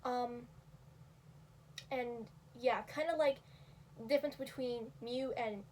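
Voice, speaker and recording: A woman's voice: on the high side, fairly even intonation, unhurried, long pauses, a little mellow, far from the mic, a little hiss or hum. A young woman casually explaining how to make cat sounds, rambling with lots of fillers and small laughs at herself. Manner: rambling, filler-heavy, self-deprecating. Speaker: video creator teaching cat vocals. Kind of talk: casual tutorial talk.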